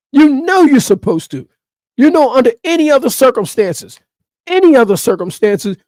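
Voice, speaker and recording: A man's voice: very high voice, a little mellow, dry recording, clean studio sound. A man ranting through sports opinion commentary, emphatic and repeating his points over and over.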